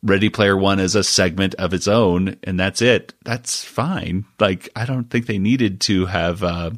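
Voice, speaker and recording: A man's voice: sits low, a little slow, no echo, studio quality. A man hosting a podcast in casual chat, rambling, often laughing and breaking off mid-sentence. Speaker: podcast host.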